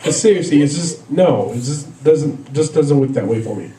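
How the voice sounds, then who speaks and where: A man's voice: a little high, animated, moderate pace, roomy sound, distant mic, crowd noise, poor audio. A man doing a stand-up comedy set, rambling through stories with lots of fillers and laughs at his own jokes. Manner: rambling, filler-heavy storytelling with frequent laughs.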